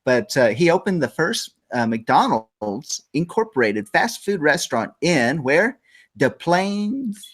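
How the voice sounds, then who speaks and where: Middle-aged male host, lively pitch, loose jokey chatter, casual morning show. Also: unhurried, few pauses, husky. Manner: jokey, rambling, laughs often.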